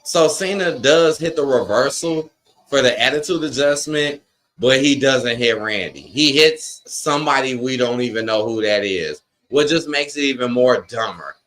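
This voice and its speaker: A man's voice: medium pitch, normal speed, fairly bright tone. A man, ranting with frustration and profanity while reacting live on a watch-along stream and reading chat aloud.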